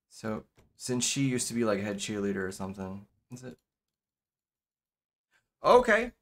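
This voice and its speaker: A man's voice: medium pitch, bright, forceful tone. A man giving casual let's-play commentary, rambling with lots of fillers and repeated "okay.". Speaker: gameplay commentator.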